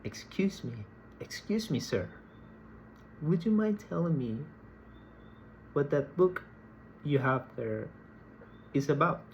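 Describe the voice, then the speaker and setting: A man acting out a courteous person in a library who softly asks a stranger about a book, speaking quietly and politely. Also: a little high, very animated, takes it slowly, pauses often, slight background noise, exaggerated voice, low-quality recording. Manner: soft, courteous, hushed.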